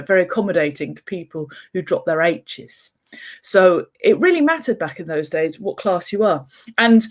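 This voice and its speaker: A woman author talking through a casual explanatory vlog in a chatty, rambling way, with asides and restarts. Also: mid-range voice. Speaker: children's book author.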